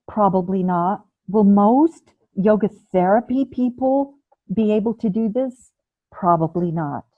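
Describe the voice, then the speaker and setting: A calm, patient woman teaches a breathing class and demonstrates each breath aloud. She speaks slowly in a mid-range voice. Her sound is dry and narrow, like a call heard over a phone. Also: mid-range voice, no echo. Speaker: ayurveda and yoga teacher.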